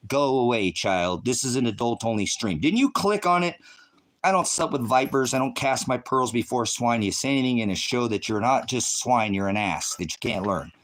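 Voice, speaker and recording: American man, ministry streamer, combative profane rant to chat, mid-range voice, jumps from muttering to shouting. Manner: swings between low mutters and loud outbursts.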